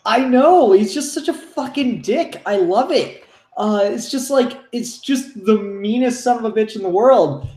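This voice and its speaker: A man co-hosting a casual comics chat, excitable and profane, acting out scenes as he talks. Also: high-pitched, measured pace. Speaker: podcast co-host. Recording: roomy echo.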